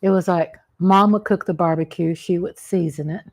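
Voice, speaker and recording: This food vlogger, a middle-aged woman, talks in a lowish, slightly mellow voice with a steady tone and moderate pace. It's a casual mukbang chat at home at the table, where she rambles cozily about family cooking and keeps restarting her thoughts.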